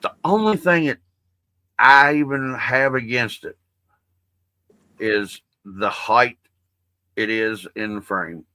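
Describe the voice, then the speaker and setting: Bright-voiced man rambling casually. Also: mid-range voice, takes it slowly, long pauses, dry recording. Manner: rambling, profane, folksy. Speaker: livestream host. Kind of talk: casual livestream chat.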